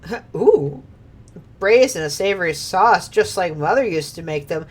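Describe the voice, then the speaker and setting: A woman streamer talks over a game at an unhurried pace. Her pitch swings widely, and she laughs often and swears freely. She reads game lines aloud in between her own remarks. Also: lively intonation. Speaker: streamer playing a video game. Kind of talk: casual gameplay commentary.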